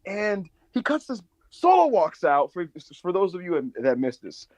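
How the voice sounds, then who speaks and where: A man co-hosting a podcast, recapping and joking in profane, animated chat. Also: high-pitched, a little slow, no room sound. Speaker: podcast co-host. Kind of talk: casual chat.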